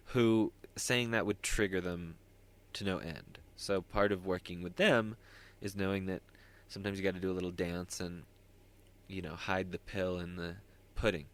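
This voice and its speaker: A man hosting a solo podcast, talking in a rambling, self-interrupting way with wry asides. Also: deep voice. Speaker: podcast host.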